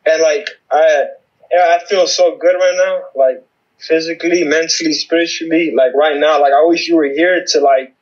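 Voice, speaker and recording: Halting man on a dull remote line. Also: a little high, fairly even intonation. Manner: halting, many fillers and restarts. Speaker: guest. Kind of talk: personal testimony in an interview.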